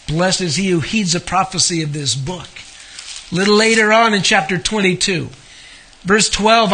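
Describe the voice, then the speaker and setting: A man's voice: high voice, normal speed, sharp tone. A man teaching a Bible study, conversational and asking his listeners questions. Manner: conversational, asks the audience questions.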